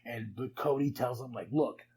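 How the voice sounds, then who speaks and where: A man hosting a podcast, recapping wrestling in a casual, excitable way with frequent laughs and chatty asides. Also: mid-range voice, moderate pace, a little hiss or hum, rough recording. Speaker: podcast host.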